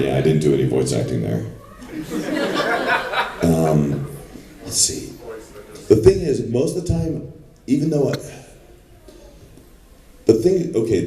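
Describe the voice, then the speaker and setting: A man with a low, very dark voice tells rambling stories as a convention panel guest. His talk is chatty and loose. He is heard from a distance in an echoey hall. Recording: echoey convention room from afar.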